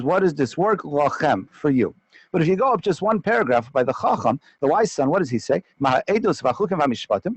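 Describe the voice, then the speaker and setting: A male rabbi leads a Torah class with animated energy. His voice sits slightly high for a man, and he often trips over repeated words mid-thought. The sound is dry and close, with no room around it. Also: husky, no echo, poor audio.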